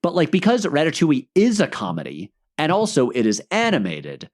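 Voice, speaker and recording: A man chatting casually as a podcast guest over a video call, telling stories in an animated way. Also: fairly high pitch, fairly quick. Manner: animated, lively storytelling. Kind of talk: casual chat.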